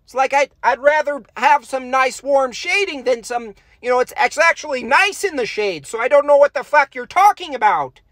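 A man streaming as he draws, talking in a rambling way with deadpan jokes and trailing fillers. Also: extremely high pitch, normal speed, hardly any pauses, no room sound. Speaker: artist streaming while drawing. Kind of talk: casual rambling stream chat.

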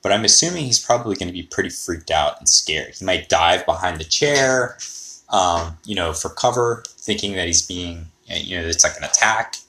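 A man's voice: sits low, expressive, moderate pace, sharp tone. A man hosting a podcast, rambling and thinking aloud in a casual monologue. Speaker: podcast host.

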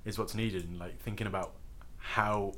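A man's voice: fairly low pitch, steady tone, moderate pace, fairly bright tone. A man co-hosting a podcast, blunt and dry-humoured in casual chat. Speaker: podcast co-host.

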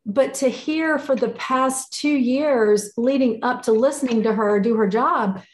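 A woman with a fairly high voice tells a story in a casual chat, stumbling and repeating words as her feelings rise. Her voice rings with the echo of a roomy space. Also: measured pace. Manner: emotional, repeats and restarts phrases.

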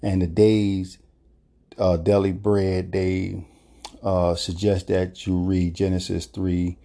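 A man's voice: low voice, level tone, slow, vocal fry, mellow. A man hosting a casual solo podcast, rambling and hesitant with many fillers. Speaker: podcast host.

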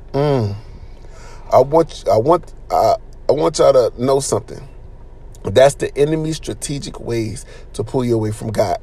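A man's voice: medium pitch, darkish tone, slightly rough. A man giving an informal sermon in an earnest, conversational way, with slang and lots of repetition. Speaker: preacher.

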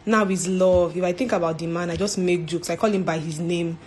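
A woman's voice: lowish voice, steady tone, fairly quick, a little mellow, slight background noise. A woman giving an informal faith talk as a church speaker, earnest, repeating herself and ending points with "right?".

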